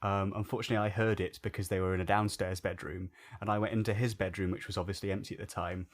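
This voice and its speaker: A man's voice: sits low, fast talker. A man in his twenties, a podcast co-host telling a story casually and acting out what people said. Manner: animated, swears and acts out quotes.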